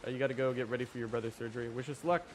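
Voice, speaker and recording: A man's voice: medium pitch, fairly even intonation, racing, slight background noise. A young man hosting a casual livestream, chatty and rambling as he talks to his chat. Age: young adult. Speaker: livestream host.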